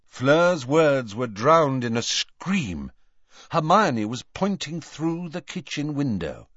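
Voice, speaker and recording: A man narrating a story in a measured, expressive audiobook reading. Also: medium pitch, no echo, dull audio. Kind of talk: scripted narration.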